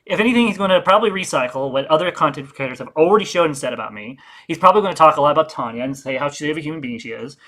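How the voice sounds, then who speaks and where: A man's voice: a little high, expressive, rapid-fire, few pauses, bright, forceful tone. A man streaming casually, mocking and sarcastic, swearing freely as he talks. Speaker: streamer being reacted to. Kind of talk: casual livestream reaction.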